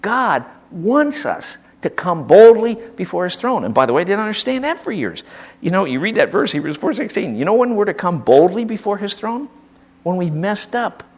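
An older man from the Midwest, preaching a sermon in an impassioned, emphatic way, swinging from hushed asides to loud declarations. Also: sits high, big pitch swings, normal speed. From American Midwest.

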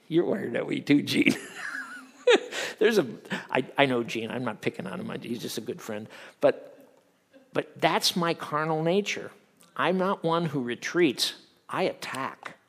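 Animated man preaching a sermon. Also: medium pitch, slow, gravelly. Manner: animated, swings from loud acted quotes to hushed earnest tones. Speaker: pastor.

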